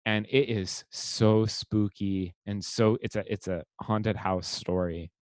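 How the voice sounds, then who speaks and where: Relaxed low-voiced man chatting. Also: slow, no echo, studio quality. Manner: relaxed, many fillers and restarts. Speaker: podcast co-host. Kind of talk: casual chat.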